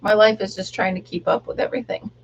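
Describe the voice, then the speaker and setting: The recording is muffled as a middle-aged woman, talking fast with a flat delivery and a breathy edge at medium pitch, crafts on a live stream. She rambles chattily about her day, laughs often and quietly sings along.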